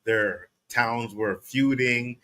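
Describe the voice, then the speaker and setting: A man co-hosting a casual show recap, animated and laughing often as he acts out lines from scenes. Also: mid-range voice, extremely slow. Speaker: podcast co-host.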